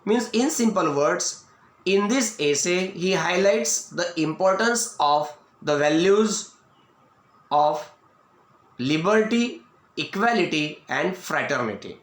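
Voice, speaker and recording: A man with an Indian English accent giving a video lecture as an English teacher, explaining slowly and restating each point. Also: sits high, animated. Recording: echoey room.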